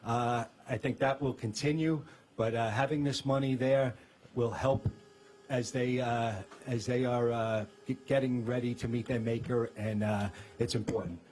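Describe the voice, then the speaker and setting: A man's voice: medium pitch, fairly even intonation, normal speed, a little mellow, a little hiss or hum. A man with a Brooklyn accent, a firefighters' union president, giving a press conference speech with many fillers and restarts.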